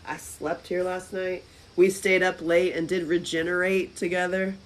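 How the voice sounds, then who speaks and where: A woman hosting a live stream from a friend's house, chatting casually with viewers, with loud exclamations and soft asides. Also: on the low side, flat delivery, normal speed, rough recording.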